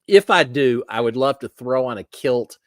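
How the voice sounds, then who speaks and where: A middle-aged man rambles through a casual livestream chat, stopping and restarting his sentences and poking fun at himself. His voice sits at an ordinary pitch. The sound is close and dry. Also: animated, normal speed, dry recording. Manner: rambling, self-deprecating, many restarts. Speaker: livestream host. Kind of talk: casual chat reading viewer comments.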